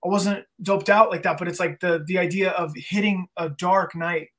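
A man's voice: high voice, steady tone, moderate pace, a bit bright. A man guest in a casual interview, telling an emotional story earnestly, often restarting his sentences. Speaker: guest, band singer.

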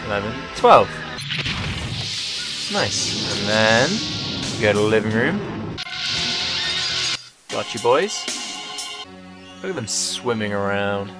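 A man commenting on a game he is playing, jokey and excitable with sing-song exclamations. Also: fairly low pitch, slow pace, pauses often, rough recording. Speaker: gaming video host. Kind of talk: let's-play commentary. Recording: game music playing behind.

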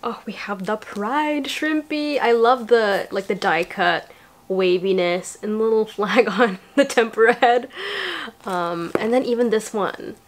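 A woman's voice: medium pitch, measured pace, a little hiss or hum. A young woman chatting casually to her viewers as she unpacks a parcel, bubbly and talkative. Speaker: vlogger. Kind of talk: casual unboxing vlog.

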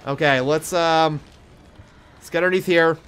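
A young man giving let's play commentary on a horror game, jumpy and profane, yelling at monsters and taunting them. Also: a little high, fairly even intonation, moderate pace, clear, resonant tone. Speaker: gaming streamer.

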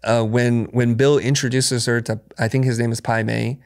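Middle-aged guy on a podcast, gravelly voice, storytelling, acts out bits of dialogue. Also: moderate pace. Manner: storytelling, acts out quotes with lively jumps in pitch. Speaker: podcast guest, design educator. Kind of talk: conversational interview answers.

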